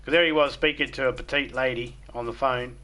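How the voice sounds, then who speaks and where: A man's voice: mid-range voice, fairly even intonation, fairly quick, bright, forceful tone. An Australian man chatting casually while streaming a game, crude and swearing heavily as he tells stories. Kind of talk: casual chat while gaming.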